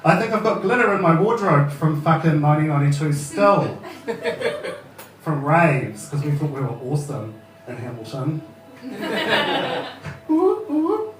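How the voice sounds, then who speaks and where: A man's voice: a little high, sing-song, unhurried, long pauses. A man in his thirties with a New Zealand accent, doing a casual, sweary stand-up set and laughing at his own jokes at an open mic. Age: 30s. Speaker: stand-up comedian. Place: open mic comedy venue. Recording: echoey room, heard from far off.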